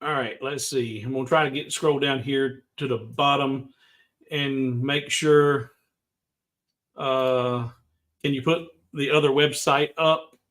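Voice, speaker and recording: A man's voice: mid-range voice, fairly even intonation, slow, a bit bright. A middle-aged man hosting a livestream in a casual, rambling way, chatting to viewers by name. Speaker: livestream host.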